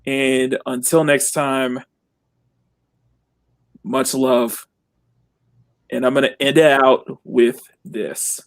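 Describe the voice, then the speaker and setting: A drawing streamer signing off a live stream in casual talk, halting with many fillers and restarts, earnest and grateful toward viewers. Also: mid-range voice, little pitch movement, no room sound.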